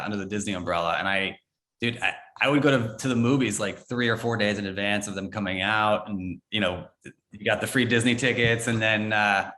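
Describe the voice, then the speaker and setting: An American man in his young adult years chats as a podcast guest with a bright, forceful edge to his lowish voice. He gets excited and trips over repeated words at the start of his sentences. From United States. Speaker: guest, former entertainment reporter. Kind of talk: casual podcast chat.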